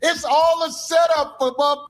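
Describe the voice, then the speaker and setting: A man ranting loudly and profanely in a sing-song way, talking with his podcast co-hosts. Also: very high voice, steady tone, normal speed, soft background music. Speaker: comedian. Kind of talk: angry rant.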